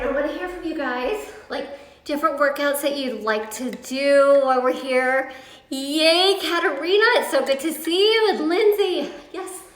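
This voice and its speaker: A young woman leading a live yoga class, upbeat and chatty, counting reps and a little out of breath. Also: high voice. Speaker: yoga instructor. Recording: echoey room, mic at a distance.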